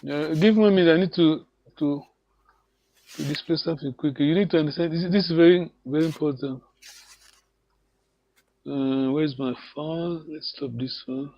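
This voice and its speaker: A man's voice: fairly high pitch, moderate pace, long pauses, no echo, lo-fi sound. Encouraging male language teacher on a call. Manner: encouraging, repeats words, laughs often. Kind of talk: online language lesson.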